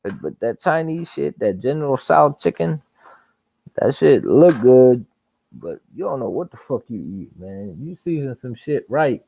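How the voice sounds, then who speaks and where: Gravelly-voiced man ranting on a stream. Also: mid-range voice, very animated, unhurried, mellow, dry recording, low-quality recording. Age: adult. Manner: profane, laughing storyteller. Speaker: live stream host. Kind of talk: casual live chat.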